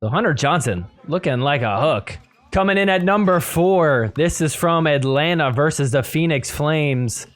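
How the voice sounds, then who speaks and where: Excitable male pickleball podcast host. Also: fairly high pitch, moderate pace. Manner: excitable, laughing, mock-quoting players. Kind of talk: casual sports recap.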